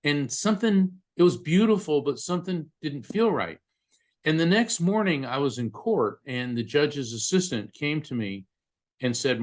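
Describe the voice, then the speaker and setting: A man telling a personal story as a podcast guest, often halting and repeating words as he goes. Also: medium pitch, lively intonation. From United States. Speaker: psychic medium and attorney, podcast guest.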